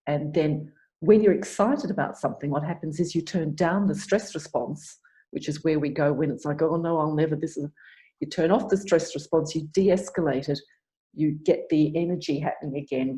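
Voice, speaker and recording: Woman arts coach, low mellow voice, patient step-by-step explainer, video call sound. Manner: explains step by step, acting out client dialogue. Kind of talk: online forum talk.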